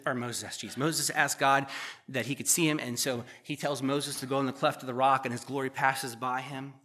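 Excitable, bright-voiced male preacher. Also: medium pitch. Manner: animated, excitable preaching with asides to the congregation. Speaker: pastor. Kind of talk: sermon with scripture reading.

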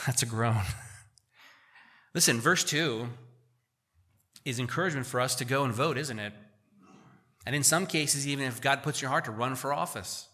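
A man, a pastor, preaching a sermon in a church, reading verses slowly and explaining them in casual asides. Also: medium pitch, pushed and bright.

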